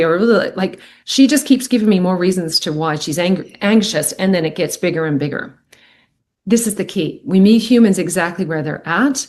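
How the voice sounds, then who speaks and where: Earnest woman, animated and expressive. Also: mid-range voice, moderate pace. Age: middle-aged. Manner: earnest, animated, acts out quoted speech. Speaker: podcast guest, medical intuitive. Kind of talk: reflective podcast conversation.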